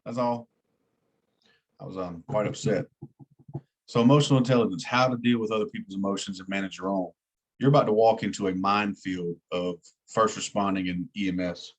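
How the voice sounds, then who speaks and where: A man teaching an EMT class in a plain-spoken way, repeating key words for emphasis. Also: lowish voice. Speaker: EMT instructor. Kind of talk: classroom lecture.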